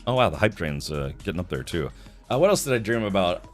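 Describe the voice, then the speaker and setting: A man's voice: deep voice, sing-song, fast, faint music behind. A man hosting a live stream in casual chat, tired, rambling through stories and making mouth sound effects.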